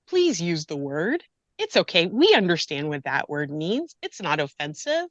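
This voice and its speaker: A woman who works as a grief and loss coach speaks as an interview guest, earnest, impassioned, and pleading, close to tears as she talks about personal, emotional matters. Her mid-range voice swings widely in pitch at a moderate pace, with no echo.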